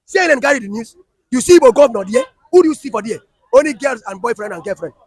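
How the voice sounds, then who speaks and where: A man with a Nigerian Pidgin accent, speaking in a very high, husky voice at a fast clip. He scolds emphatically and keeps repeating his points. The sound is dry and close. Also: animated, a little mellow, dry recording. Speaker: street interviewee. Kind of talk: heated street argument.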